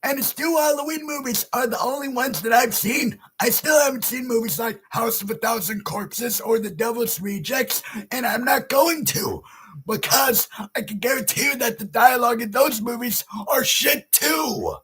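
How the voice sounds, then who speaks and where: A man ranting loudly in a horror movie review video, often shouting and swearing. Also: very high-pitched, moderate pace, slightly rough. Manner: loud, profane, often shouting.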